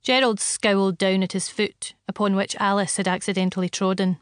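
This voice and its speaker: Brief: female narrator, steady wry first-person read, dry studio sound. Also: mid-range voice, fairly quick, clear, resonant tone, no echo. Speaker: audiobook narrator.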